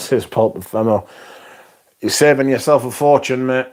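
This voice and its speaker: A man hosting a casual livestream, chatting and answering viewers in an animated, exclamatory way and swearing freely. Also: medium pitch, normal speed. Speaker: livestream host. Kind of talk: casual livestream chat, reading viewer comments.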